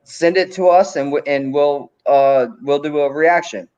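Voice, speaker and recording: A man's voice: on the high side, measured pace, darkish tone, clean tone. A man co-hosting a livestream, teasing a caller in dry casual chat. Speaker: livestream co-host. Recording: dull lo-fi audio.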